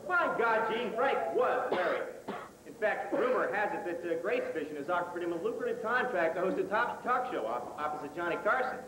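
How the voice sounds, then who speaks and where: A man's voice: sits high, animated, a little fast, a bit bright. A man doing mock film-critic banter on stage, stammering and pompous. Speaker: student comedy skit performer. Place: stage in a hall. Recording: echoey hall on old camcorder tape.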